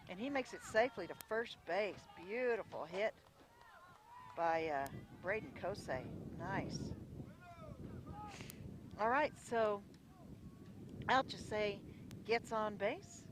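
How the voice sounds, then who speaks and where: A radio play-by-play announcer calling a live high school baseball game outdoors, chatty and folksy, often unsure of details and correcting themselves. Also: expressive, takes it slowly, pauses often, noisy background. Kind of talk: live radio sports commentary.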